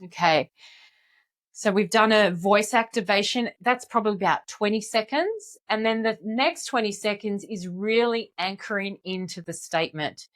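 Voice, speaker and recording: A woman in her forties, a confidence coach, calmly and encouragingly guiding listeners step by step through an exercise. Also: mid-range voice, normal speed. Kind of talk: guided exercise instruction.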